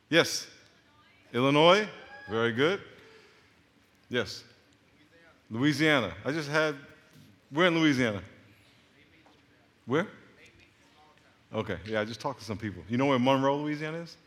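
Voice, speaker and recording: A man's voice: mid-range voice, lively intonation, measured pace, pauses often, fairly bright tone. A middle-aged man from Long Island, a pastor greeting his congregation and joking with the crowd. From Long Island, New York. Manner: joking, teasing banter with the crowd. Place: large church auditorium. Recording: reverberant large hall.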